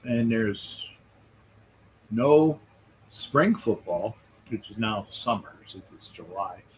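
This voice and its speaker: A man's voice: fairly low pitch, animated, slow pace, a little hiss or hum, low-quality recording. A man hosting a casual live stream, chatting loosely with viewers and calling a baseball game as he watches. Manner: rambling, chatty, greets viewers by name. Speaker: livestream host. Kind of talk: casual live chat with play-by-play.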